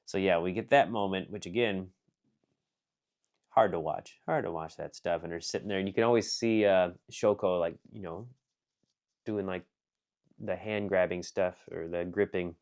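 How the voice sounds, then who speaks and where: A low-pitched man speaks at normal speed as he gives a casual anime film review. It meanders with fillers and restarts, and his energy jumps from excited outbursts to quiet asides under his breath.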